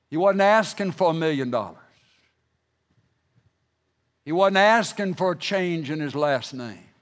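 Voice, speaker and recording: A middle-aged man preaching a sermon, emphatic, rising to loud bursts and then dropping low and quiet when he reads scripture. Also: normal speed.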